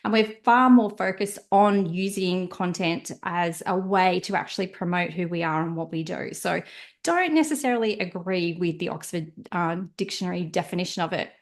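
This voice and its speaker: A woman as a guest on a podcast interview, explaining her views in an animated way. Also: on the low side, moderate pace. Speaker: podcast guest, marketing strategist.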